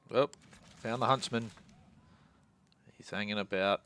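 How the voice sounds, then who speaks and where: A man's voice: low-pitched, measured pace, vocal fry, long pauses, fairly bright tone. A man thinking aloud as he plays a strategy game, muttering and mocking his own mistakes. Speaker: gaming channel host.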